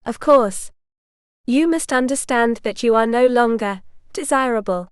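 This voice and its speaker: A woman's voice: fairly high pitch, measured pace, smooth, no echo, studio quality, lightly acted. A woman voicing a proud, haughty noblewoman who speaks in a cool, condescending way, in a storybook reading. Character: haughty proud noble lady, coolly hostile.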